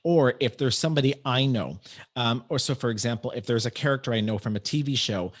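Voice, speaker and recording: A man's voice: medium pitch, fast talker. A man hosting an interview podcast, talking casually and rambling with many restarts as he explains his work as a medium. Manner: chatty, rambling with frequent restarts.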